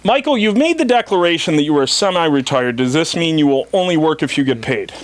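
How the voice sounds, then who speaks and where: A man's voice: fairly high pitch, animated, a little fast. A man hosting a talk show, teasing his guests in casual chat and reading out plugs. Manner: playful, teasing interviewer.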